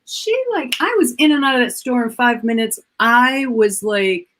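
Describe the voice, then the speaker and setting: A woman in her fifties, a guest coach, chatting casually at home over a video call and telling animated stories. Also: a little high, normal speed, a little hiss or hum. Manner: animated, acts out quoted voices. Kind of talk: casual storytelling chat.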